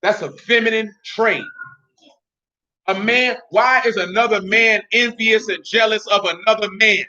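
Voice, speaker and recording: Blunt male Bible teacher, high and bright, slangy and emphatic, on a dull lo-fi recording. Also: fairly even intonation, a little slow.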